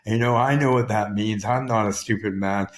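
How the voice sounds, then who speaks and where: A man's voice: fairly low pitch, fairly even intonation, a little fast. Raw, profane Canadian man. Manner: raw, profane, emotionally charged. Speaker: vlogger. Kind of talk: personal storytelling.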